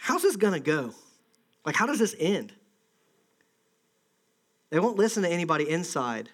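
A man's voice: sits high, sing-song, normal speed, fairly bright tone. A man preaching a conversational sermon, acting out the voices of an angry crowd. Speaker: pastor.

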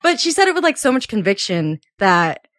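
Woman, late 20s, co-host, chatty storyteller, laughs a lot, middle pitch, dry close mic. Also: very animated, normal speed, a bit bright, dry recording. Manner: chatty, laughs often, acts out quotes with a jump in pitch. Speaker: podcast co-host. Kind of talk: casual chat.

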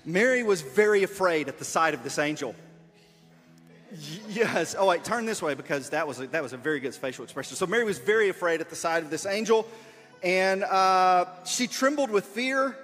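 Man, high voice, playful and encouraging, reads the story and directs the volunteers, big echoey room. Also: moderate pace, a bit bright, faint music behind. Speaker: leader of a children's skit. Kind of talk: reading a story aloud while directing volunteers. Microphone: wearing a body mic.

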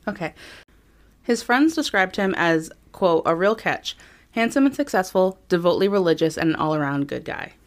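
Her voice sits on the low side and is expressive, at a normal speed. She's a podcast co-host recounting a true crime case from notes, casual and chatty with frequent ums.

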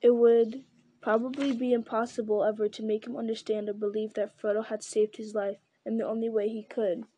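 Woman audiobook narrator, mellow and a touch high, dry close recording. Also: flat delivery, fairly quick, slightly rough, dry recording. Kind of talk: scripted narration.

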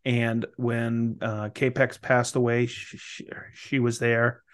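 Podcast guy telling stories, does higher voices for quotes, laid back. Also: completely flat delivery, takes it slowly. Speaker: podcast co-host. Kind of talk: casual chat.

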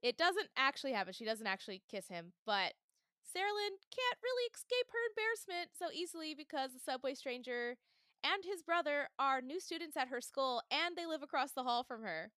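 A young adult woman hosting a casual fandom podcast, animated and laughing often as she acts out her reactions. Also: high-pitched, brisk, no room sound, studio quality. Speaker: podcast host. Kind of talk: casual chat.

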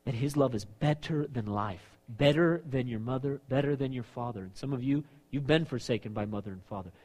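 A man preaching a sermon, animated, stepping into quoted voices. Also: mid-range voice, husky. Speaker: pastor.

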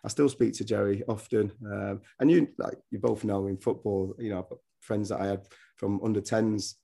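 A man's voice: fairly low pitch, steady tone, moderate pace, gravelly, dark tone. A middle-aged man, a former footballer and coach, talking casually as a guest and telling rambling stories with many restarts. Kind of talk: casual podcast interview.

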